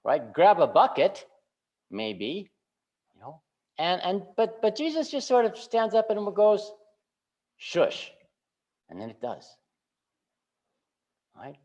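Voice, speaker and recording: A male pastor giving a relaxed, conversational sermon, often checking in with the congregation by asking "right?". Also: high-pitched, slow pace, pauses often. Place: church sanctuary. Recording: slightly muffled church recording.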